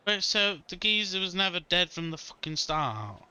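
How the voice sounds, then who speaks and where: Sharp-voiced man commentating a game. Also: sits high, sing-song, normal speed, hardly any pauses, a little hiss or hum. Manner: swearing, amused, offhand. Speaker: gaming streamer. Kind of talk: casual playthrough commentary.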